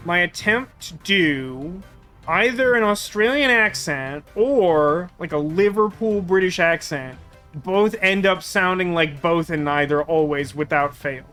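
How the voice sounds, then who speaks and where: Joking man with a bright voice. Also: high voice. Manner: joking, rambling, self-deprecating. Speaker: let's play host. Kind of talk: casual game commentary. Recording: faint game music behind.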